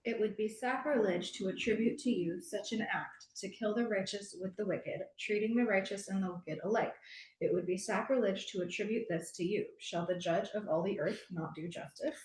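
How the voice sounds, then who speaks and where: A woman in a class reading passages aloud and asking questions, steady when reading and hesitant when asking. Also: mid-range voice, moderate pace, echoey room, slight background noise, poor audio.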